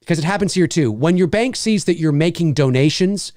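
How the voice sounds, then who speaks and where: A man's voice: a little high, expressive, brisk, darkish tone, no room sound, studio quality. A middle-aged Canadian man with a Canadian accent, hosting a casual livestream, reading chat comments and repeating himself enthusiastically.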